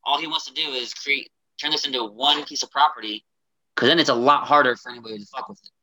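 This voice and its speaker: Ohio guy on a podcast, rambles and repeats, bright voice, swears casually. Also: medium pitch, quick pace, no room sound. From Ohio, United States. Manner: explains at length, repeats himself, swears. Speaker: podcast co-host.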